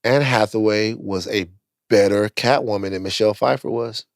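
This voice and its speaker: A man's voice: lowish voice, fairly even intonation, moderate pace, creaky, no room sound, clean studio sound. A man co-hosting a casual podcast chat, talking insistently, repeating his points with frequent restarts. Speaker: podcast co-host.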